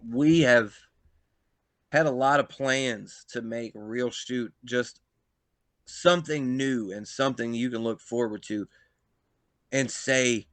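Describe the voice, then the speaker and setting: A man telling a backstage story in casual chat, animated and swearing, acting out quotes in loud bursts. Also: medium pitch, slow pace, pauses often, dry recording. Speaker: pro wrestler, podcast guest.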